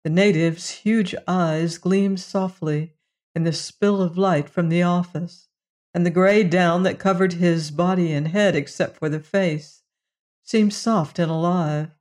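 A narrator reading a science fiction story in a steady, unhurried storytelling manner. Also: mid-range voice.

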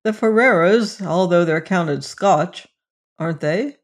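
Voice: mid-range voice, slow pace. An audiobook narrator voicing an irritable, snappish young male medical student in a storybook reading. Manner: snappish, sly.

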